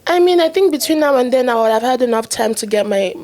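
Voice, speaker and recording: A young woman co-hosting a faith podcast, her voice sitting on the higher side. She talks in a casual, animated way and laughs easily as she tells stories. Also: fast. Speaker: podcast co-host. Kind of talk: casual chat.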